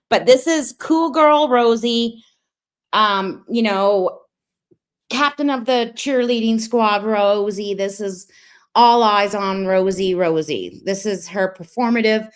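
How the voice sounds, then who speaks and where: A young woman streamer gives gossipy running commentary on a clip. Her tone is sarcastic and critical, and she sounds casual and chatty with her viewers. Her voice sits in a middle pitch. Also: slow.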